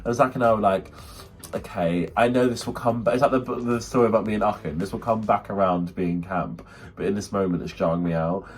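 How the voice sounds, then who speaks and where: A young man, co-hosting a podcast and telling stories in a casual, animated way. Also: brisk, breathy edge. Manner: animated storyteller, acts out friends in squeaky voices. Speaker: podcast co-host. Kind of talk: casual chat.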